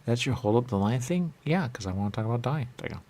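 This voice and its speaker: A man's voice: medium pitch, expressive, rapid-fire, darkish tone. A man hosting a radio talk show, bantering in a rambling, playful way full of repeated wordplay. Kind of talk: loose comedic studio banter. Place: radio studio.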